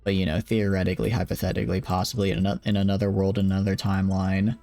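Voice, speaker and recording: A man's voice: sits low, monotone, racing, gravelly, warm tone, faint music behind. A tired young man casually commenting on his game during a late-night live stream, rambling and joking at his own expense. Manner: rambling, joking, self-deprecating.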